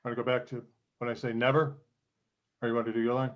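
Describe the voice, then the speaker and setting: A man acting student reading a scene in class, speaking slowly and haltingly over a video call. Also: medium pitch, flat delivery, dull audio. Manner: halting, slow delivery with sighs.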